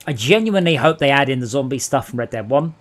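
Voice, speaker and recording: A man's voice: medium pitch, fast. A man hosting a late-night gaming stream, rambling and telling jokes in casual chat. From England. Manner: rambling, animated storyteller. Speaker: streamer host.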